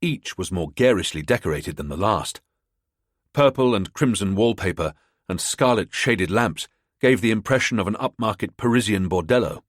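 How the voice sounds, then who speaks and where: Lively low-voiced male audiobook narrator. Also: no room sound, clean studio sound. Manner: measured storytelling. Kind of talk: scripted narration.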